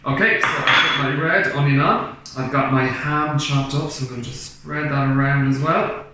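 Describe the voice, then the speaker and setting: A man, a primary school teacher giving a cooking lesson to children and asking them questions in a slow, clear, encouraging way. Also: medium pitch, fairly even intonation. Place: home kitchen. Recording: very echoey room, faint background noise.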